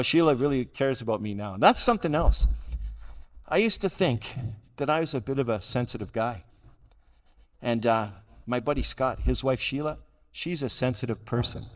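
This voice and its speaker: A man's voice: medium pitch, expressive, normal speed, long pauses. An older man giving a personal recovery talk to a meeting, blunt and dryly self-mocking. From Canada. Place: large convention hall. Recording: hall reverb from a live talk.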